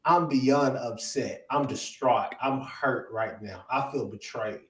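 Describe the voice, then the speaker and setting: A man ranting as an upset sports fan co-host, swinging from hushed hurt to loud outbursts. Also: medium pitch, takes it slowly, roomy sound, far from the mic, rough recording. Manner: animated venting, swings from hushed to yelling. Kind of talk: emotional sports fan rant.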